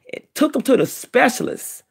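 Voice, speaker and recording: Middle-aged woman, emotional testimony, gravelly and husky, lively pitch. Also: moderate pace. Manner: animated, repetitive storytelling. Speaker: vlogger, self-described prophetess.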